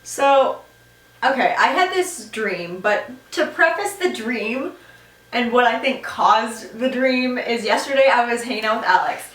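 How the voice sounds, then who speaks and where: A woman's voice: a little high, a little slow, distant mic. A young woman co-hosting a podcast, telling stories in casual chat with lots of swearing and laughter. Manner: animated storytelling, swears, laughs often. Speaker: podcast co-host. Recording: echoey room, voice off-mic.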